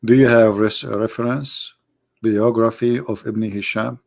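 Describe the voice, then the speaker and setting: A man's voice: fairly low pitch, steady tone, measured pace, gravelly, a little mellow. Sarcastic man with an Arabic accent. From Arab world. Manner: sarcastic, mocking, full of rhetorical questions; loose, broken grammar with many "like" and "brother". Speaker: host of a live debate stream. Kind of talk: casual live-stream talk.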